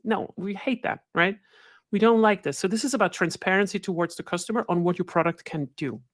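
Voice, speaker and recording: A woman presents as guest speaker in a casual, conversational webinar style, tossing in "right?" after many points. Her voice sits at a middle pitch for a woman. The sound is close and dry, with almost no room echo. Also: a little fast. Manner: conversational, keeps adding "right?" tag questions.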